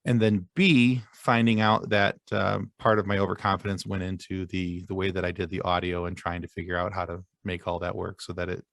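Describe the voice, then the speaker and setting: A man's voice: low-pitched, flat delivery, a little fast, gravelly, hardly any pauses, a bit bright, no room sound, studio quality. A man guest on a podcast, talking casually in a rambling, self-deprecating way. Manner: rambling, many fillers and restarts, self-deprecating. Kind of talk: casual interview chat.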